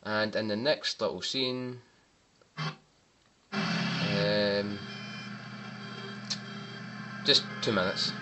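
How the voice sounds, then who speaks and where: A man's voice: fairly low pitch, extremely slow, long pauses, background noise. A man giving casual, wry commentary on film mistakes over clips, with sarcastic asides. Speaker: movie mistake reviewer.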